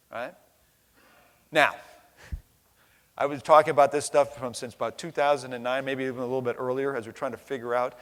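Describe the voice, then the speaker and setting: Blunt, profane middle-aged man. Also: medium pitch. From United States. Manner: blunt, profane, emphatic, frequent "right?" tags. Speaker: conference plenary speaker. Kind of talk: impassioned keynote speech. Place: large conference hall. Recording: long reverb of a large hall.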